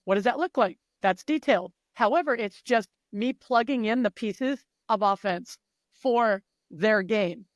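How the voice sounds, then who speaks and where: A woman mindset and performance coach talking as an interview guest, emphatic and animated, swearing freely and acting out the voices of the athletes she coaches. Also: a little high, measured pace, no echo, muffled recording.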